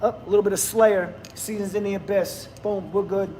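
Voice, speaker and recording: High-voiced blunt man in his fifties. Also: fairly even intonation, fairly quick, dark tone, slight background noise. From New Jersey, USA. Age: 50s. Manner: rambling and blunt, laughs often. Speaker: livestream host. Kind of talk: casual livestream chat with viewers.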